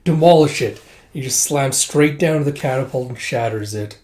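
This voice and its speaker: Man, casual manga read-through, mid-pitched voice, chatty recap. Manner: quick recap that introduces quoted lines with "it's like". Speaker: manga reviewer.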